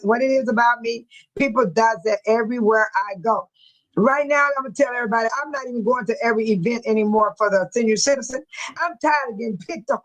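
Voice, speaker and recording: Older woman, high-pitched, chatty livestream host who keeps breaking into laughter. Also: poor audio. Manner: laughs often, animated and chatty. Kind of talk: casual livestream chat reading viewer comments.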